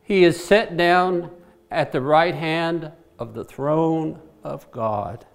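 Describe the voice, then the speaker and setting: A man's voice: a little high, slow, gravelly. A man preaching a sermon, who repeats his key phrases and puts questions to the congregation. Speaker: pastor.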